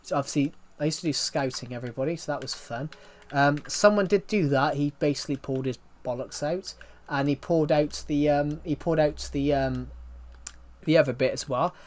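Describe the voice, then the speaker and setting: A man's voice: fairly high pitch, a little fast. A young man chatting casually on a live game stream. He tells stories in a rambling way and pokes fun at himself. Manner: rambling, self-mocking storytelling.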